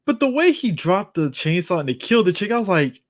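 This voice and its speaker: A man co-hosting a podcast in casual chat, easygoing and quick to laugh. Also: high-pitched, big pitch swings, no room sound, studio quality. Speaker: podcast co-host.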